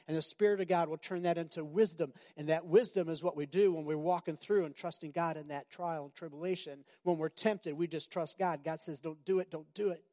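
A man's voice: on the high side, darkish tone. Preaching man, conversational and repetitive. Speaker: pastor. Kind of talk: sermon.

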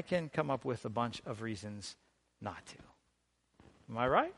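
A man preaching a sermon as pastor, emphatic and deliberate, with dramatic pauses and strong swings in loudness. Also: medium pitch, lively intonation, gravelly, husky.

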